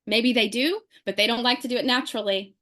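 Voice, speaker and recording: A woman telling an animated story to a group, acting out the people she quotes. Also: on the high side, fast. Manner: lively, acts out quoted people in her story. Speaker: speaker sharing a testimonial.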